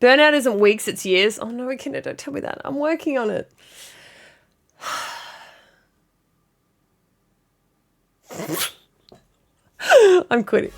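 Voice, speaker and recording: A woman's voice: a little high, animated, drawn-out words, vocal fry, long pauses, soft background music. A woman streamer joking and chatting casually with her viewers. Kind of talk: casual live-stream chat.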